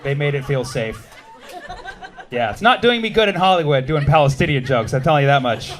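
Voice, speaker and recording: A man in his thirties from the United States doing a stand-up set, animated and punchy, with shouted bits and quick asides to the crowd. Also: a little high. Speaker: stand-up comedian.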